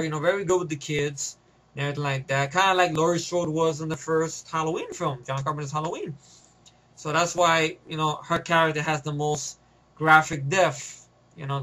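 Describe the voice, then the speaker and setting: A man's voice: a little high, a bit bright. A man giving a casual, loose movie review, swearing freely and chuckling often.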